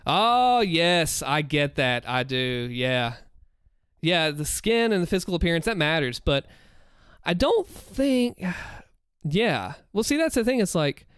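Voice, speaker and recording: A man with a fairly high, smooth, clear voice talks earnestly to his stream viewers, rambling, restarting his sentences and giving advice. The sound is dry and close, from a desk mic in a room at home. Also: sing-song, slow, fairly bright tone, dry recording. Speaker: streamer answering viewer questions. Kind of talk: casual live-stream chat. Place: home room, seated in a chair. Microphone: desk microphone.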